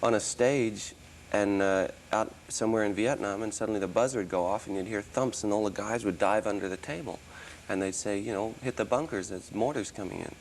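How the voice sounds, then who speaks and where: A man's voice: on the low side, steady tone, brisk, hardly any pauses, a little hiss or hum. A man in his thirties, originally from Australia, with an American accent and traces of Australian, talking casually and rambling with many restarts as an interview guest. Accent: mostly American, traces of Australian. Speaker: interview guest, musician and actor.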